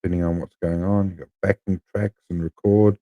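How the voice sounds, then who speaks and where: A live streamer with a New Zealand accent chats casually with viewers, rambling and blunt as he discusses his gear. His voice is low-pitched and mellow, with a flat delivery at a fairly quick clip.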